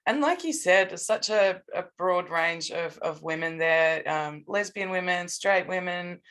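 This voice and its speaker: An Australian woman co-hosting a podcast in casual chat, halting and restarting her sentences often. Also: lowish voice, a bit bright. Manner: halting, many restarts and fillers. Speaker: podcast co-host.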